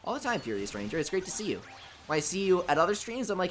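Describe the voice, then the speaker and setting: Young man, streamer, sarcastic and joking, casual live chat, very expressive pitch. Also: fast, soft background music. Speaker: livestream host. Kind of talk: live stream chat, reading viewer comments.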